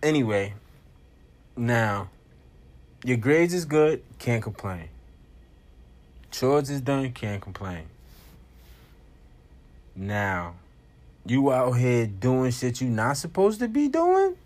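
A man co-hosting a casual podcast, talking in a laid-back, slangy way and chiming in with quick agreements. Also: medium pitch, big pitch swings, a little mellow. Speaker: podcast co-host.

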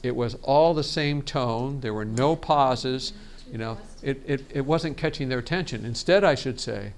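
A man teaching a workshop on storytelling in a relaxed seminar style, talking casually and often restarting his sentences. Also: medium pitch, normal speed, a little hiss or hum. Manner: chatty, frequent restarts and laughs. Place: conference meeting room.

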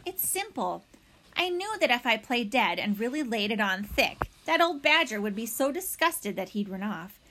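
A woman's voice: on the high side, sing-song, normal speed, sharp tone, a little hiss or hum. A woman voicing a theatrical female opossum who is proud of her acting, talking in a dramatic, self-assured way.

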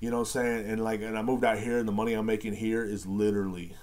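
A young man hosting a podcast, telling a casual story in a rambling, profane, animated way. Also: fairly low pitch, fast talker. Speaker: podcast host.

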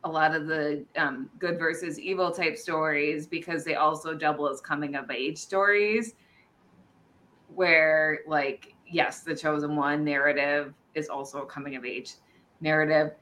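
Low, bright-toned analytical woman. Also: steady tone, unhurried, a little hiss or hum. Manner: analytical and eager to explain. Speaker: podcast co-host. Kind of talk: casual podcast chat.

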